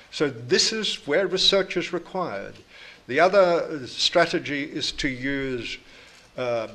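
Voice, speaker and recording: A man from New Zealand with a New Zealand accent, an invited scientist answering audience questions in a measured, explanatory way with frequent restarts. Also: on the high side, fairly bright tone. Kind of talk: lecture Q&A answers.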